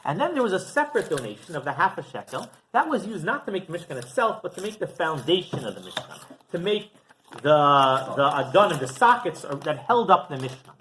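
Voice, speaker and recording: A man's voice: fairly high pitch, a little fast, slight background noise, rough recording. A male rabbi giving a Torah class, telling stories animatedly and often checking in with "right?". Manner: animated storytelling with frequent "right?".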